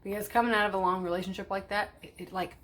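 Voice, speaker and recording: A woman's voice: mid-range voice, steady tone, fast talker, very noisy. A woman vlogging in casual chat, blunt and chatty, swearing freely. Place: parked car.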